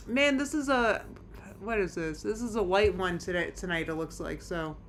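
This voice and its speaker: A woman's voice: lowish voice, moderate pace, a little hiss or hum. A woman streaming from home, chatting casually with her live chat in a rambling, anxious way, full of restarts. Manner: rambling, anxious, many restarts and nervous laughs.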